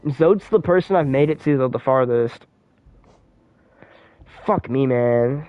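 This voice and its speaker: A man's voice: medium pitch, slow pace, no room sound, highs cut off, soft background music. A young man streaming a game live, rambling in heavy slang and swearing in exasperation as he plays. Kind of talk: live-streamed gameplay commentary.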